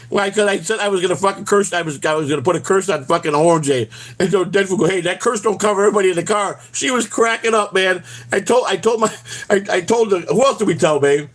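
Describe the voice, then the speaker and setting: A middle-aged man hosting a live stream, chatting in a loose, profane and rambling way. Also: sits high. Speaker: channel host. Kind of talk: casual live-stream chat.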